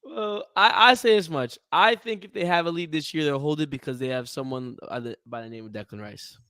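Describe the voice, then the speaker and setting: Guy co-hosting a sports podcast, smooth clear voice, dry close sound, joking around with lots of ums. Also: on the high side, brisk, no room sound. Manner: animated, jokey, hesitant with fillers. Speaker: podcast co-host. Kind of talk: casual sports chat.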